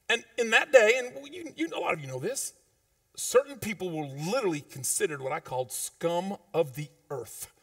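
A pastor preaches a sermon in a church sanctuary, speaking informally with slang and swinging from loud, emphatic peaks to quiet, low asides. The sound is clean studio quality with no echo, though the mic is distant.

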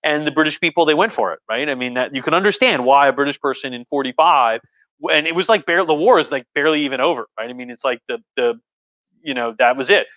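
A man's voice: mid-range voice, quick pace, bright, forceful tone, muffled recording. A man hosting a casual livestream history talk as a professor, rambling enthusiastically with many restarts. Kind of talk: casual lecture on a live stream.

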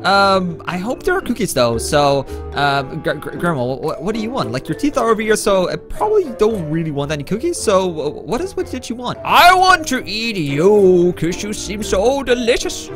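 Very high-voiced panicky gamer man. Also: very animated, brisk, few pauses, over music. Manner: panicky and stammering. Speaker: gaming YouTuber. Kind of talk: gameplay commentary.

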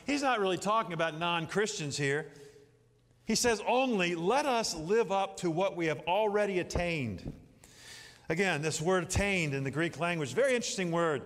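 A middle-aged man preaching a sermon in a church, telling folksy stories and acting out little scenes as he goes. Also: sits high. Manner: folksy, animated storytelling with acted-out asides. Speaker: pastor. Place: church sanctuary. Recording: long hall reverb.

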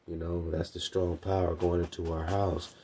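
A man's voice: deep voice, flat delivery, normal speed, warm tone, a little hiss or hum. A man hosting a radio show, teaching about religion in casual slang, with emphatic repetition and laughing asides. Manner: slangy, emphatic, repeats phrases. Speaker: radio host.

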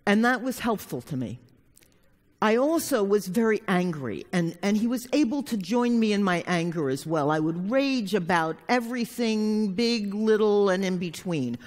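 A woman's voice: medium pitch, expressive, moderate pace, a little mellow. A woman therapist telling a personal story to a live audience, frank and plainspoken, now and then swearing. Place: conference hall. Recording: long hall reverb.

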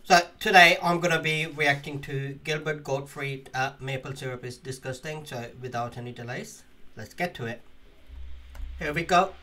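A man opening his reaction video with a friendly, plain greeting. His voice is slightly high and very bright. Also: normal speed. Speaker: reaction channel host. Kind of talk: casual video intro.

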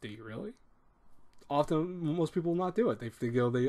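An advice show host talks fast and casually at medium pitch, rambling along. He restarts sentences, repeats words and acts out little quoted bits of speech.

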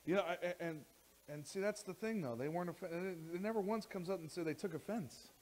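A man preaching a sermon as pastor in a church, animated, with frequent repeated words and restarts, sometimes rising close to a shout. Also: high voice, brisk, slight background noise, low-quality recording. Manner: animated, rising to near shouting when worked up.

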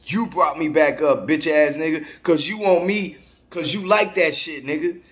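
Here the forties-aged travel vlogger talks at a normal speed in a fairly high-pitched voice. Facing the camera, he launches an angry, confrontational rant thick with profanity and recurring slang.

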